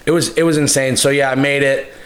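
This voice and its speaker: Young man, podcast co-host, rambling profane storyteller, mid-pitched voice. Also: flat delivery, fast talker, a loud crowd. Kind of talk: casual storytelling chat.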